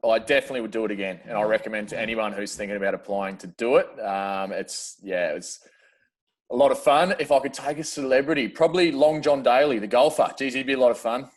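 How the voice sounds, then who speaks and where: A man's voice: mid-range voice, quick pace. An Australian man chatting casually as a podcast guest, laid-back and slangy, laughing often. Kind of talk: casual chat.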